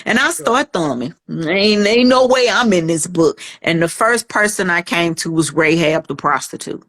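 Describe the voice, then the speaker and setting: A woman's voice: fairly low pitch, animated, moderate pace, fairly bright tone. Podcast guest, a woman, earnest storytelling, acts out the voices in her tale. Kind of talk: personal testimony in a podcast interview.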